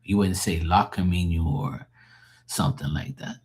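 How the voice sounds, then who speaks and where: This live-stream host talks at a normal speed in a low, darkish voice. Loose and chatty, he walks his viewers through language differences, laughing easily and dropping the occasional casual swear word.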